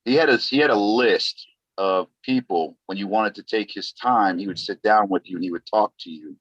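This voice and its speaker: A man, a former wrestler, telling an animated story on a podcast, laughing between lines. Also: fairly low pitch, moderate pace, no room sound, highs cut off. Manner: animated, laughs as he tells stories.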